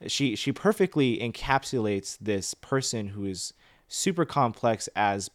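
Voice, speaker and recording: A man's voice: medium pitch, animated, a little slow. A young man co-hosting a casual movie review chat, rambling with many fillers as he explains his thoughts. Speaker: co-host of a movie review show.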